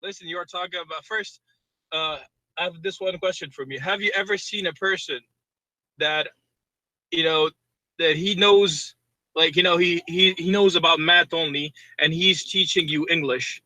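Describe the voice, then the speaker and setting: A man's voice: a little high, steady tone, moderate pace, bright, forceful tone, no room sound, poor audio. A man defending his faith in a heated online debate, repeatedly asking to be heard. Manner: defensive, keeps saying listen.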